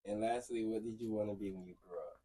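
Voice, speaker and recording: A man's voice: fairly low pitch, fairly even intonation, fast, noisy background. A man hosting a casual interview, asking slangy, easygoing questions.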